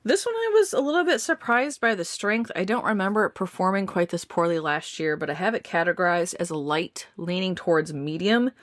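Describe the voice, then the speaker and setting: A woman's voice: on the low side, lively intonation, fairly quick, few pauses, no echo, clean studio sound. A woman chatting casually as she reviews candles, saying y'all and often restarting her words.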